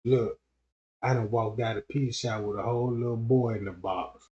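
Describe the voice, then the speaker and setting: A man's voice: mid-range voice, steady tone, normal speed, a little mellow. A man streamer telling profane, rambling comedic stories in a livestream rant. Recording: dull lo-fi stream audio.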